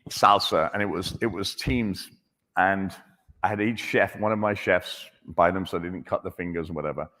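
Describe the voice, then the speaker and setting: A male chef with a lowish voice, talking to a live audience in a big hall that leaves a long echo. He is jokey and encouraging, and tells casual stories full of restarts. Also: moderate pace, sharp tone. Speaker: chef answering audience questions. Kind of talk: casual, animated conversational talk. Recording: echoey hall.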